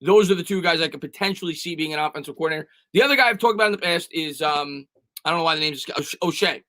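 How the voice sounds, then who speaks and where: A man's voice: fairly high pitch, pushed and bright, no echo. A man hosting a sports live stream, reading viewer comments and answering in a casual, stammering way with frequent restarts. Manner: fast, repetitive, stammering restarts. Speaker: sports channel host.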